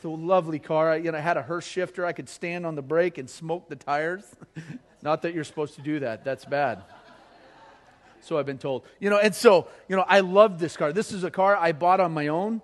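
A middle-aged Colorado pastor delivers a sermon full of jokes and lively stories, speaking at normal speed in a voice slightly higher than most men's. His humorous anecdotes come out punchy and energetic, then he drops low and soft for quiet, earnest appeals.

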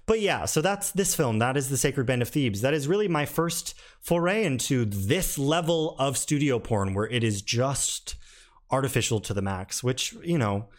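A man's voice: mid-range voice, animated, normal speed. A man giving a casual spoken film review, frank and rambling, with lots of restarts and a candidly critical, mildly exasperated tone.

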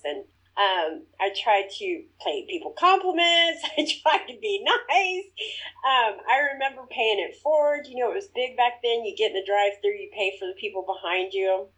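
A woman's voice: medium pitch, poor audio. Earnest woman sharing a personal story. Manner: earnest, animated when retelling her own thoughts. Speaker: guest.

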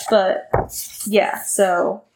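Young woman on a podcast, chatty, lots of likes and you knows, mid-pitched voice. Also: a little hiss or hum, low-quality recording. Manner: chatty, full of filler words. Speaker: podcast co-host. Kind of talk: casual book discussion.

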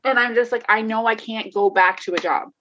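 A woman's voice: fairly high pitch, brisk, background noise. A woman talking candidly in a casual conversation, laughing often, swearing and restarting her sentences. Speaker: guest, life coach. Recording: dull lo-fi sound.

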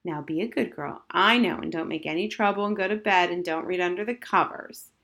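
A woman's voice: medium pitch, expressive, normal speed, voice pushed up, natural voice. A woman voicing a curious, blunt eleven-year-old girl who pesters with questions in a storybook reading. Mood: cheeky.

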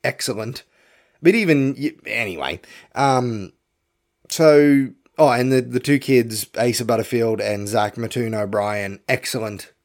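A man's voice: mid-range voice, a little slow. Blunt, swearing man. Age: young adult to middle-aged. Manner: profane, rambling, blunt. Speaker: podcast host. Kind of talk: casual film review rant.

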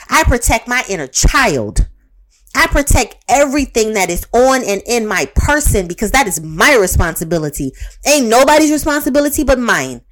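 A woman's voice: fairly high pitch, a bit bright. Fiery, profane woman in her thirties. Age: 30s. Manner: profane, emphatic, repetitive and fired up. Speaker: self-help speaker. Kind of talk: candid motivational monologue.

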